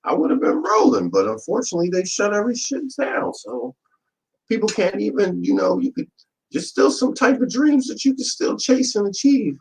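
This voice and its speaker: A man's voice: high-pitched, sing-song, normal speed, gravelly, a little hiss or hum, rough recording. A young man in casual podcast chat, laid-back and slangy, swearing in passing. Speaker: podcast co-host.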